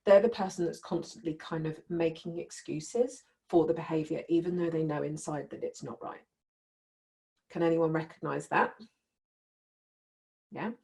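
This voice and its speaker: A woman's voice: low-pitched, fairly even intonation, moderate pace, vocal fry, long pauses, darkish tone. A woman teaching a live group in a conversational way, often checking in with her listeners. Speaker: workshop leader.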